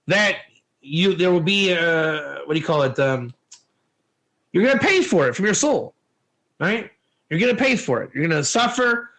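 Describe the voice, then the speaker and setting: A man teaching a Torah lesson in an informal, animated way, telling stories and asking rhetorical questions. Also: high voice, low-quality recording.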